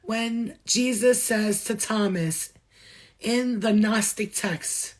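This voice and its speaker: A spiritual healer with a slightly high voice speaks slowly in a passionate, blunt talk to her viewers. She swears freely and repeats phrases to drive her points home.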